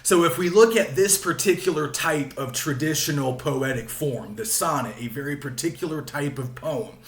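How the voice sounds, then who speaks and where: A man with a somewhat higher voice delivers a recorded classroom lecture. He explains patiently, circles back to repeat key points, and fills pauses with small hesitations. The sound is roomy and echoey. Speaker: literature lecturer.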